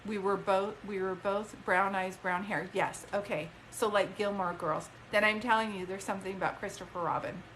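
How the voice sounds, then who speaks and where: A woman's voice: medium pitch, steady tone, normal speed, few pauses, fairly bright tone, slight background noise, low-quality recording. A woman working as a psychic medium, giving a rambling, emphatic reading to a caller. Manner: chatty, emphatic, rambling with restarts. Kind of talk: live-stream reading to a caller.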